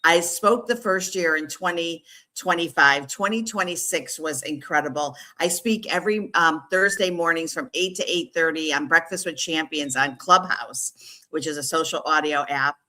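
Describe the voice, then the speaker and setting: A woman's voice: low-pitched, bright, forceful tone. A middle-aged woman speaking as a podcast guest, chatting enthusiastically and promotionally. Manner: enthusiastic, quick to laugh, promotional. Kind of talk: casual interview chat.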